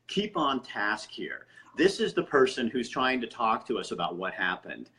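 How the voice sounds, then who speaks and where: A man's voice: medium pitch, sing-song, moderate pace, sharp tone. A man hosting a live-streamed interview over a video call, bluntly telling commenters to stop arguing. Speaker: host of a live online interview.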